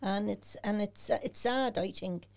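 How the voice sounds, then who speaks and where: A woman's voice: medium pitch, normal speed, creaky. An older Dublin woman, a podcast guest, speaking frankly and telling her stories with animation. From Ireland. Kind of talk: casual podcast conversation.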